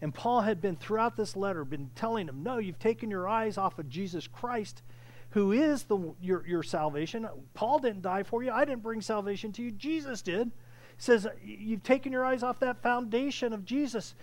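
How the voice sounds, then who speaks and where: A man preaching a sermon with impassioned delivery, often restarting phrases and building to loud peaks. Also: high-pitched, moderate pace. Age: older. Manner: impassioned, rising to near shouting, with frequent restarts. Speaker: pastor.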